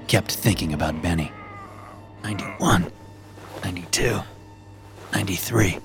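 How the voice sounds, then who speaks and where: Man, very low voice, first-person audiobook narration, measured and dramatic, music underneath. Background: background music.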